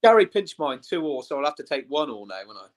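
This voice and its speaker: A man's voice: on the high side, big pitch swings, fast talker. Easygoing man giving brief replies. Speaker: co-host. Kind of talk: casual chat.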